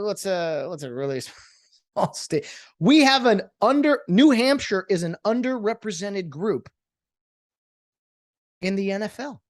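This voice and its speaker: A man's voice: high voice, lively intonation, a little slow, pauses often, dry recording, studio quality. A man hosting his own podcast in a rambling, sarcastic solo monologue that jumps between topics. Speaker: podcast host.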